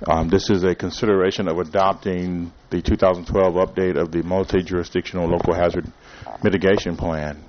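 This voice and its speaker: Deep-voiced mayor running a council vote. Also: male voice, little pitch movement, dull audio, slight background noise. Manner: brisk procedural. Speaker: mayor chairing a council meeting. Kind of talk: chairing a public meeting.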